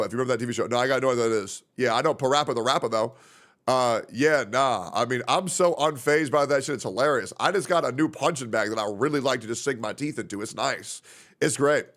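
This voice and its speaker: A young man streaming live and talking off the cuff, his pitch swinging up and down as he rambles. He swears freely and reacts to chat messages as he reads them. His voice sits a little high for a man. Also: fairly bright tone. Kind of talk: casual livestream chat.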